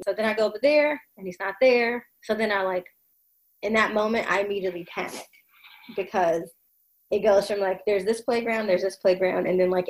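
A woman's voice: mid-range voice, low-quality recording. A woman telling a personal story in casual conversation, reflective, with many fillers and restarts.

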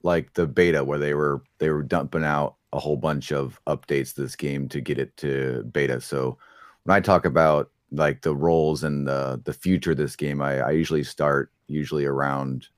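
A man with an extremely deep voice talks as a relaxed stream guest, answering at length in a laid-back way. His voice is dry and close, with no room sound. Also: normal speed, no room sound. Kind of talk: casual interview talk.

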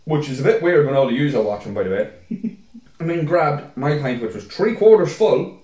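A young man co-hosts a podcast, spinning drunken stories in casual conversation. He's an animated storyteller who swears a lot and mimics people in high voices. He speaks at normal speed, and the recording sounds roomy.

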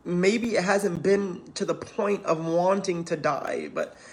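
Guy preaching, reads scripture then chats with the church, kinda high voice. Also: takes it slowly. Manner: addresses congregation as y'all, reads scripture aloud then preaches conversationally. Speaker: preacher and counselor in training. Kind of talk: sermon with scripture reading.

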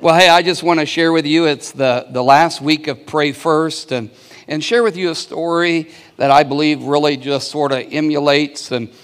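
A man's voice: a little high, steady tone, normal speed, smooth. A man preaching a sermon as pastor, telling a story and calling on the congregation to answer back, often restarting his words. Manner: storytelling with call-and-response to the congregation; many restarts and repeated words. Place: church hall. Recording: long reverb of a large hall.

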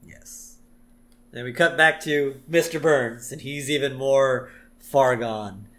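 A man's voice: mid-range voice, slow, fairly bright tone. A man co-hosting a podcast, recapping a cartoon episode in casual chat and acting out the lines. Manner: retells scenes, acting out lines. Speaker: podcast co-host.

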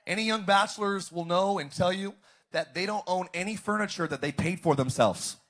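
A man preaching a sermon as pastor, calling out to the congregation and rising to shouts. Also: sits high, a little fast. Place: church service, streamed online.

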